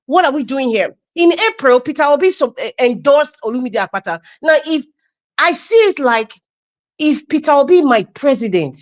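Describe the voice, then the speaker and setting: A Nigerian woman arguing politics with emphatic, scornful passion, often restarting her sentences. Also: sits high. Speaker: debate speaker. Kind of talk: impassioned political argument.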